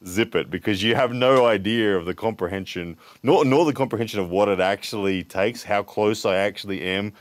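A man co-hosting a podcast, speaking haltingly and repeating words as he thinks aloud. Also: on the low side. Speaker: podcast co-host. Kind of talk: casual podcast chat.

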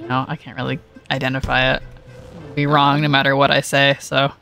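A woman's voice: a bass voice, completely flat delivery, a little fast, gravelly, fairly bright tone, soft background music. A woman from the US West Coast, co-hosting a let's play in laid-back, jokey chat. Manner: laid-back, jokey, reads game lines in goofy voices. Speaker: co-host.

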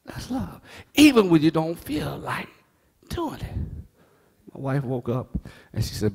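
A man pastor preaching a sermon, folksy and joking, moving from quiet words to shouting. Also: medium pitch, measured pace, vocal fry, pauses often, breathy edge, in a large hall. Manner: animated preaching, swings from hushed to shouting.

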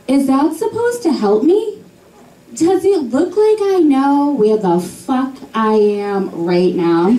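A young woman with a Boston accent doing a stand-up comedy set with slow, deadpan delivery on a club stage. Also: medium pitch. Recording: echoey club from far off, faint noise.

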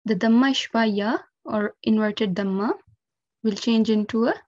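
A woman gives a recitation lesson, walking through each rule with patient, careful explanation. Her voice sits fairly high and she speaks very slowly and deliberately. The recording is dull and lo-fi. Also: a little mellow, dry recording. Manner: patient, careful step-by-step explanation with frequent 'um' and 'okay'. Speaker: Quran recitation teacher. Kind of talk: instructional lesson.

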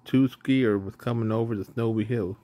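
Guy reading a kids' storybook out loud, steady and plain, trips on a word now and then. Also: on the low side, moderate pace, a little hiss or hum. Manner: plain, even narration with small slips. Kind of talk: storybook read-aloud.

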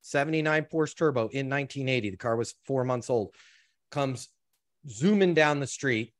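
A man spinning a personal story as an interview guest. He talks with animation, acts out the people he quotes and doubles back on his words often. His voice sits at an ordinary middle pitch. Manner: animated storyteller, quotes others, many restarts. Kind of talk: storytelling in conversation.

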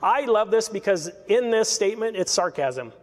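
A man preaches through a passage from the pulpit, his voice pitched rather high for a man. He keeps it conversational, tossing in sarcastic asides and little laughs. The sound carries a long reverb from a large church hall. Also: expressive, moderate pace. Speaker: pastor. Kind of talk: expository sermon. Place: church sanctuary.

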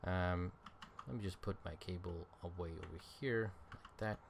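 At normal speed, a man with a low, gravelly voice narrates a let's-play, a little hiss or hum audible behind him. The game streamer rambles casually, thinking out loud with frequent ums and uhs. He's tired and yawning.

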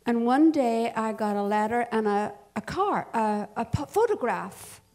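A woman's voice: fairly high pitch, expressive, a little slow, darkish tone. An older woman telling a family story at a church service, chatty and often laughing. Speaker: church speaker. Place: church hall.

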